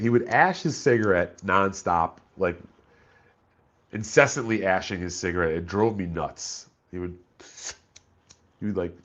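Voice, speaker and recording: A man's voice: low-pitched, fairly bright tone. A man chatting casually on a live stream, laid-back and profane, reading chat messages aloud.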